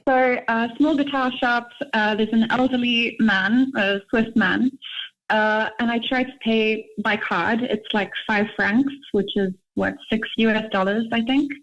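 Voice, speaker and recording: A woman's voice: on the high side, fairly even intonation, measured pace, a bit bright. A young woman calling into a show, telling her story in a chatty way with many fillers. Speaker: caller. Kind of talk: casual call-in chat. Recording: dull, lo-fi call audio.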